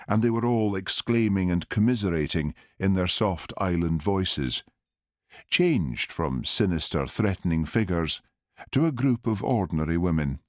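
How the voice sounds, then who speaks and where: A man reading an audiobook in steady, measured scripted narration. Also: sits low, no room sound, clean studio sound.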